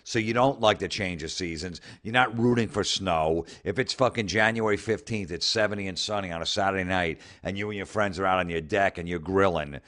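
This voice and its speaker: A man's voice: sits low, a little fast, few pauses, fairly bright tone. A man hosting a comedy show, ranting sarcastically with heavy swearing and mocking the people he talks about. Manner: sarcastic, mocking, swears heavily, mimics people in put-on voices. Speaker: comedy podcast host. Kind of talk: profane ranting comedy commentary.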